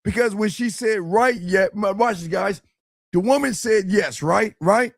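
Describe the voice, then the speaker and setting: A man's voice: high-pitched, a little slow, creaky, no room sound, studio quality. A man hosting a crude advice talk, brash, mocking and emphatic, swearing often. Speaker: host.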